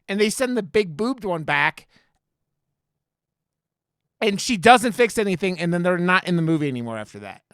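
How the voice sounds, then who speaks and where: A podcast co-host chatting casually at a middle pitch, rambling and swearing, with many "like"s and restarts. The recording is close and dry. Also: animated, moderate pace, long pauses, a bit bright, smooth, no echo. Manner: rambling, profane, lots of likes and restarts. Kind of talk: casual chat.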